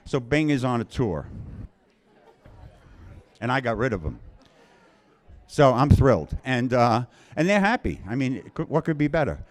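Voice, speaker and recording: A man's voice: mid-range voice, sing-song, moderate pace, long pauses. A man from Queens, telling a personal story live in a wry, conversational, self-mocking way. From Queens, New York.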